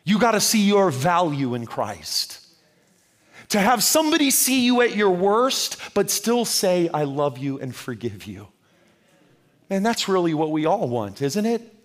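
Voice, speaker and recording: A man's voice: high-pitched, very animated, a little slow. A man preaching a sermon with fervent, rhythmic delivery, addressing his listeners as friends.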